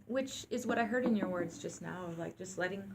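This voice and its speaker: A woman's voice: on the low side, brisk, creaky, noisy background. Reflective, earnest woman co-host. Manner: reflective, earnest, speaks of breath and intention. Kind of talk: reflective conversational chat.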